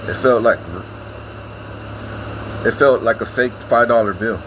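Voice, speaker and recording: A man's voice: mid-range voice, measured pace, a bit bright, a little hiss or hum, poor audio. A man, ranting casually to his vlog audience, swearing often and repeating himself. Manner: profane, rambling, repeats himself. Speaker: vlogger.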